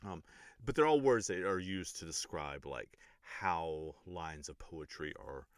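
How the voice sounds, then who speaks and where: Casual English teacher, male, very low voice, rambling but pedantic explainer. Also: unhurried, smooth, dry recording, studio quality. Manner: pedantic but relaxed, many ums and restarts. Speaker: English teacher and music reaction host.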